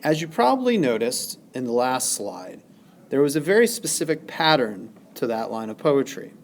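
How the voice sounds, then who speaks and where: A male teacher giving a recorded lesson, speaking deliberately and exaggerating stressed syllables. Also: medium pitch, very animated. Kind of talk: recorded classroom lesson narration.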